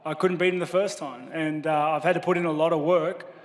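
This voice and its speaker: A man answering questions as a fighter at a press conference, modest and halting with many restarts. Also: a little high, fairly even intonation, in a large hall.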